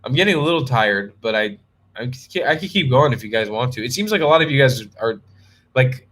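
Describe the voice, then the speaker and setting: A young man talks casually to his live-stream audience, reading out questions and joking back at them. His voice sits in an ordinary middle pitch. He rambles with frequent ums and false starts. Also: lively intonation, brisk, a bit bright. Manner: chatty, joking, talks to chat by name, many ums and restarts. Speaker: travel vlogger hosting a live stream.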